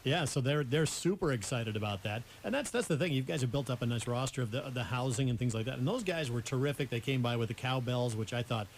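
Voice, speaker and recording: Quick talking guy hosting a radio sports chat, asks lots of questions. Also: mid-range voice, a little hiss or hum. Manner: chatty, asks guests questions. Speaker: radio show host.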